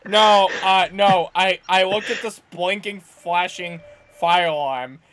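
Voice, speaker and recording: A man co-hosting a podcast, telling a long anecdote in a rambling, animated way with many restarts. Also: high-pitched, slow. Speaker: podcast co-host. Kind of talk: casual storytelling chat.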